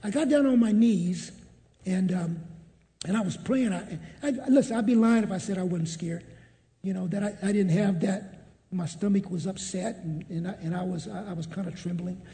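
A man's voice: high-pitched, normal speed, warm tone, big-room sound. A man telling a personal faith testimony in a storytelling manner, often repeating what he said. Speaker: testimony speaker.

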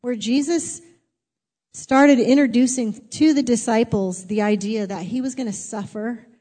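A woman's voice: a little high, a little slow, dark tone. Chatty woman pastor in a reverberant hall. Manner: candid, chatty, self-deprecating. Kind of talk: sermon. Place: church sanctuary. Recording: long reverb of a large hall.

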